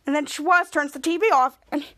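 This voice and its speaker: A woman's voice: high voice, brisk, fairly bright tone. A woman hosting a podcast, retelling an episode in a rambling run-on way, stringing everything together with "and". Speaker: podcast host. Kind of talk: casual episode recap.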